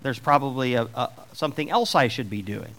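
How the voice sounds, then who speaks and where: A man's voice: medium pitch, brisk, a bit bright. A middle-aged man preaching a sermon, taking on God's voice for the scripture questions with rising emphasis.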